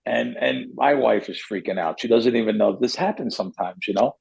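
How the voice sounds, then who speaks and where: Gravelly, rambling male podcast host. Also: medium pitch, a little fast, a crowd in the background, poor audio. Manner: rambling, self-correcting, animated. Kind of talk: casual storytelling.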